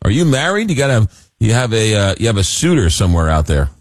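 A male talk radio host with a lively, up-and-down voice, chatting and joking as he reads out texts from listeners. The sound is dry and close to the mic. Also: fairly low pitch, fast, no room sound. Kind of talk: casual radio chat.

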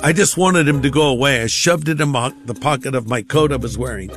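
A man's voice: mid-range voice, fairly quick, over music. A male pastor telling a personal testimony in a conversational sermon style, acting out the voices of others. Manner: conversational, acts out quoted voices.

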